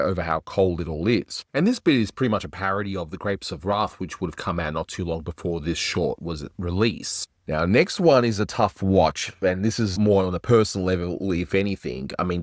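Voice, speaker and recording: Guy reviewing old cartoons, chatty and keen, low voice, dry close sound. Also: no room sound. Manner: enthusiastic, chatty, does little voice impressions. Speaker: animation reviewer host. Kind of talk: casual review commentary.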